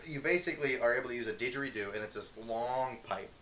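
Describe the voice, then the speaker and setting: A young man co-hosting a casual podcast chat, animated and quick to explain things. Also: medium pitch, a crowd in the background. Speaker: podcast co-host.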